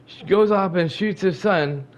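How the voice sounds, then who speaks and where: A man's voice: sits high, a little slow. A man hosting a gaming channel, casually recapping a game. He rambles, repeats himself, talks straight to his viewers and retells scenes with quoted dialogue. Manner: colloquial and chatty, addressing viewers directly.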